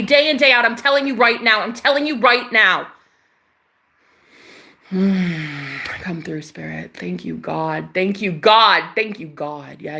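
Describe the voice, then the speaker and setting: Woman hyping you up spiritually, cursing a lot, repeats herself, kinda high and sharp. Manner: emphatic and profane, repeating phrases for emphasis; swings between loud outbursts and soft murmured prayers. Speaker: spiritual channeler. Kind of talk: impassioned spiritual pep talk.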